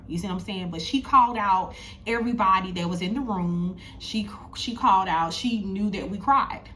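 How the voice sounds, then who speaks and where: A woman's voice: medium pitch, moderate pace, fairly bright tone, a little hiss or hum. Chatty woman telling a story. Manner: chatty, addresses viewers directly, repeats herself. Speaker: spiritual content creator. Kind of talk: storytelling vlog.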